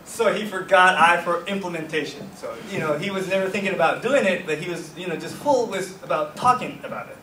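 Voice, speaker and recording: A man's voice: high voice, brisk, few pauses, background noise. A man giving a workshop lecture casually, often checking in with "okay?" and "right?". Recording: echoey hall, voice from far off.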